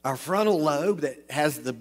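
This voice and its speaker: Man, fairly high voice, joking sermon, long hall reverb. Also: expressive, a little slow. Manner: joking, chatty with the audience. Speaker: pastor. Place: large hall with an audience.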